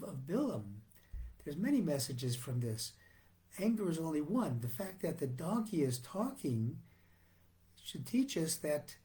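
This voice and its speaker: Male rabbi, sermon, measured, earnest, restarts phrases, slightly high voice, mellow. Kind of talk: sermon on the weekly Torah portion.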